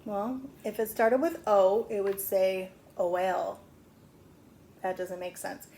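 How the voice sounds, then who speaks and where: Teacher, woman, middle-aged, slow and patient, sounds out letters for little kids, mid-pitched voice, faint hiss behind. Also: warm tone. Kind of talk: phonics lesson for young children.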